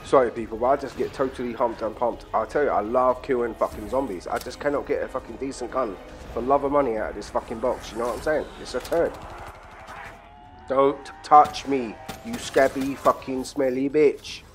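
A man's voice: mid-range voice, quick pace, faint music behind. Crude man commentating a game. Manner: crude, excitable banter with sudden shouts. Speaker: gaming channel host. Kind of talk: profane casual gameplay commentary.

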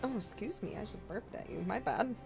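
A woman streaming a video game, chatting casually with her viewers and cooing softly at her cat into a desk microphone. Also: mid-range voice, expressive, fairly quick, gravelly. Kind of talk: casual live-stream chat. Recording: loud game soundtrack under voice. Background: game music.

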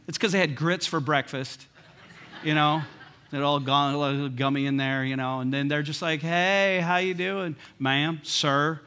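A man preaching a sermon as pastor in a church, in a conversational, humorous way that swings between hushed lines and emphatic ones. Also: a little high. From United States. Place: church sanctuary.

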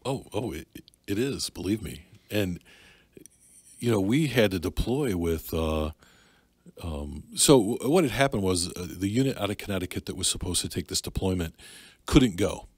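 A middle-aged man with a deep, husky voice tells a personal story in a halting, candid way. He stops often and restarts his sentences. The sound is dry and close. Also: expressive, darkish tone, dry recording. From Michigan. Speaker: podcast guest, Navy and Army veteran. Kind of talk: casual storytelling.

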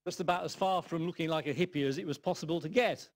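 An older man from England giving a sermon, telling a personal story in a reflective way with dry humour and soft asides. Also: fairly high pitch, quick pace. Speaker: guest preacher.

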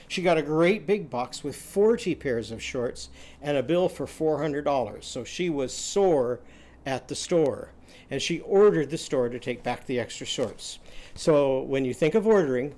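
A man teaching a phonics lesson, telling short stories and quizzing the class with loud, drawn-out vowel sounds. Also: fairly high pitch. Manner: animated, loud drawn-out vowel shouts and quiz prompts.

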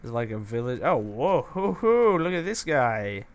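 A man's voice: mid-range voice, lively intonation, normal speed. A man giving casual, playful let's-play commentary, chatting to the animals and villagers as he goes. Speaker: gameplay commentator.

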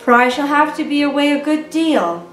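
A woman voicing a gentle, worried mother in a read-aloud storybook, soft and tender. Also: sits high, expressive, moderate pace, pitched above the performer's own voice. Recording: echoey room, distant mic, faint music.

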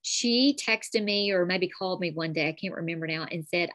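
A woman's voice: mid-range voice, normal speed, few pauses, no room sound. Chatty woman with a North Alabama accent. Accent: North Alabama Southern. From North Alabama, USA. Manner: chatty, animated storytelling. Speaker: calligraphy teacher, guest. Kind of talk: casual interview chat.

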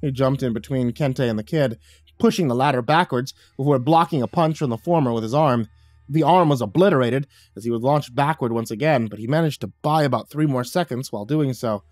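A man narrating a first-person horror story with dramatic delivery, dropping low and soft on the grim lines. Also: brisk, no echo, clean studio sound.

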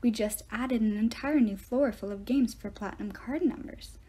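A woman's voice: on the high side, moderate pace, warm tone, slightly rough. A woman doing a sly, coaxing casino bellhop. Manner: coaxing, ingratiating. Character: smooth casino bellhop man, ingratiating, sly.

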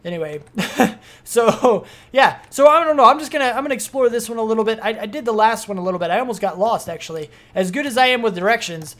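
A young adult streamer giving casual, rambling gameplay commentary, excitable and full of fillers. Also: medium pitch, fast talker.

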